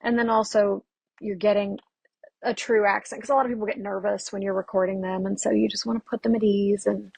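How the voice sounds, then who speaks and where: A woman dialect coach from Texas, chatting as a podcast guest and telling stories with quick, animated asides. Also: mid-range voice, vocal fry, breathy edge, dry recording. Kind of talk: casual podcast interview.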